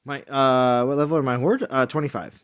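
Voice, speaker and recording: A man's voice: medium pitch, fairly even intonation, fairly quick, clear, resonant tone. A man streaming a mobile game, chatting in a rambling, jokey way with friends and viewers. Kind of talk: casual live-stream chat.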